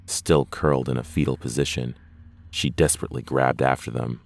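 A man narrating a horror story in a measured, deliberate scripted reading. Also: extremely low pitch, fairly even intonation, creaky, a little hiss or hum.

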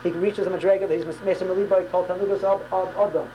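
A woman's voice: fairly low pitch, steady tone, fast talker, dark tone, poor audio. Woman teaching torah class, emphatic, keeps repeating words, bit of faint noise. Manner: emphatic, repeats words and restarts phrases often. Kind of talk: religious class on prayer.

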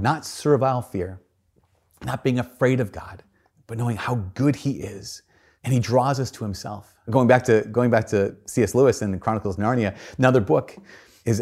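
A man's voice: fairly low pitch, a little mellow. A man, a priest, giving a homily in an earnest storytelling manner, with shifting emphasis.

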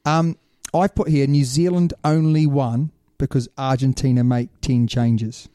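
A man's voice: mid-range voice, measured pace, no room sound, clean studio sound. A man hosting a rugby talk show in casual, opinionated chat, calling his co-host mate. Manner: animated, opinionated, says "mate".

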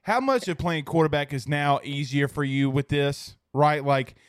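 A male sports host asks questions in a chatty, upbeat way. His voice is fairly high for a man, smooth and resonant, and the sound is dry and close. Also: moderate pace, no room sound. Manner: chatty, enthusiastic. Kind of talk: casual interview.

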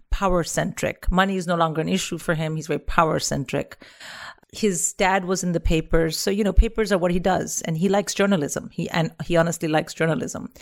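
A woman from India, a comedian guest, telling a story in a lively comic style and putting on the voices of the people in it. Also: sits low.

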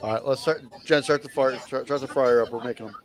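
A man talks quickly with a mid-range voice. He throws in jokes and chimes in from afar during a relaxed live chat. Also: medium pitch, crowd noise. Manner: wisecracking, quick remote co-host. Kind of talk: casual chat.

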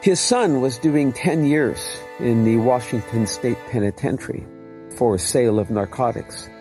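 A man's voice: medium pitch, unhurried, music in the background. A man preaching his testimony as a vivid storyteller who acts out the dialogue. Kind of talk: animated testimony sermon.

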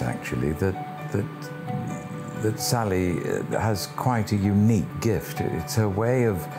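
A man with a very deep voice talks slowly as a guest, pausing between measured phrases. Clear guitar music plays under his words. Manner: slow, measured, halting phrasing. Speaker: guest actor. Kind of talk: reflective interview remarks.

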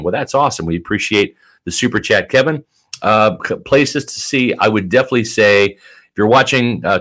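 A man's voice: lowish voice, fairly bright tone. A man from the Tampa area hosting a live sports chat stream, easygoing and chatty, reading out viewer messages and plugging sponsors. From Tampa area, Florida. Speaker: sports show host.

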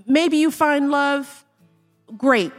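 A woman's voice: sits high, very slow, big-room sound, soft background music. A woman in her fifties, a guest author in an on-stage interview, speaking earnestly and reflectively, sometimes mimicking the questions people ask. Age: 50s. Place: stage before a live audience.

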